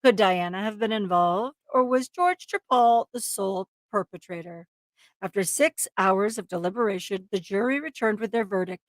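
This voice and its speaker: A woman's voice: medium pitch, normal speed, no echo. A woman co-hosting a livestream, reading a true crime script aloud, tripping over words and breaking into laughs. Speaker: livestream co-host reading a case.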